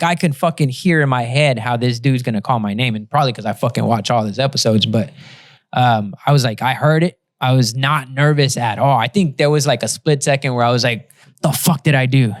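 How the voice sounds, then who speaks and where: A man's voice: medium pitch, fairly quick, no room sound, clean studio sound. A man guest on a podcast, telling a story in loose casual chat with lots of swearing and fillers.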